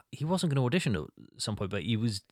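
A man hosting a casual podcast chat about a film, talking in an animated, rambling way. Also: medium pitch, fairly quick, no room sound, studio quality. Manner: animated, rambling, acts out quotes. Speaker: podcast host.

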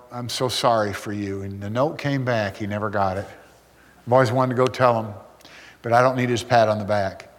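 Older male pastor, earnest storytelling sermon, mid-pitched voice, long hall reverb. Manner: earnest, storytelling, with emphatic repetition.

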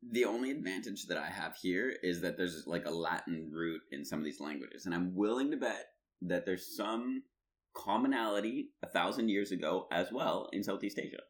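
A man's voice: deep voice, expressive, moderate pace. A young man co-hosting a podcast in casual chat, telling stories animatedly and laughing often. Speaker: podcast co-host.

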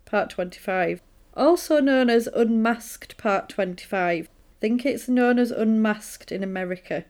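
A woman's voice: fairly high pitch, unhurried, darkish tone. Chatty woman, amused storyteller. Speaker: podcast co-host. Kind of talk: casual chat.

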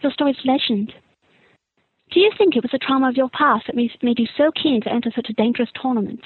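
A woman voicing a cutting, probing female tabloid reporter in a crisp, mocking, deliberate way. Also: high-pitched, no room sound. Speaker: listener sending an impression. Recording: tinny phone-like recording.

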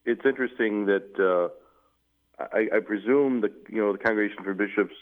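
A middle-aged man, a newly appointed Catholic bishop, telling his story at length in a measured way, with fillers. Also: lowish voice. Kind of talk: interview storytelling. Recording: tinny phone-like radio audio.

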